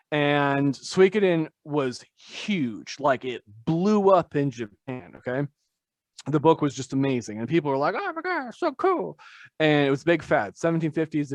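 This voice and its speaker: A man's voice: mid-range voice, no echo. Rambling man with a dry, close voice. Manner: rambling, filler-heavy, self-deprecating. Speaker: tattoo artist guest. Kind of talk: casual podcast conversation.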